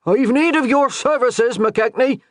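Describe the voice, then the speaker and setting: A man's voice: high-pitched, lively intonation, normal speed, no room sound, studio quality, pitched above the performer's own voice. A man voicing a harried but patient castle steward in a medieval audiobook. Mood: earnest. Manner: earnest, strained patience.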